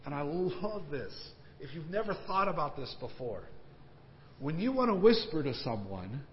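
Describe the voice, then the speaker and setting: A man preaching from the pulpit, his fairly high voice climbing on urgent questions and sinking to quiet, slowed asides. The sound carries the long reverb of a church hall. The recording is muffled and lo-fi, with the top end rolled off. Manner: animated preaching, swinging from emphatic raised questions to hushed, slowed asides. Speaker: pastor. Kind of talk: sermon.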